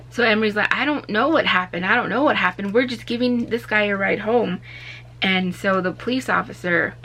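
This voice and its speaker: A young woman vlogger from Arizona telling a story in a casual, animated way, acting out what people said. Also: medium pitch. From Arizona, USA. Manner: animated, acts out quotes with raised voice.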